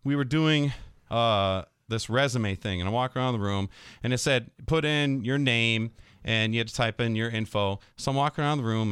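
A man's voice: medium pitch, smooth, no room sound, clean studio sound. A man who teaches middle school, telling stories in casual podcast chat and acting out his students' voices. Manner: animated storyteller, acts out students' voices.

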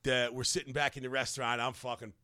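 Bright-voiced profane comic telling a story. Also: male voice, medium pitch, fast, dry recording, studio quality. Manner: animated, profane, laughs loudly. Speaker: comedian podcast co-host. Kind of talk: casual comedic storytelling.

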